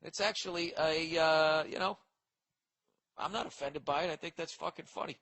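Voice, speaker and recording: A man's voice: a little high, normal speed, vocal fry, a bit bright, rough recording. A man hosting a comedy podcast, ranting profanely and rambling as he reacts to listener mail. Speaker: podcast host. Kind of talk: casual comedic podcast rant.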